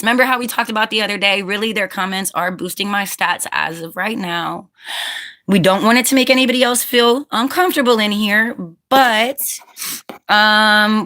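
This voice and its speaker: Bright and forceful at a medium pitch, a livestream host reads out comments from her viewers. She keeps things relaxed and talkative, laughing a lot, but becomes stern with rude commenters.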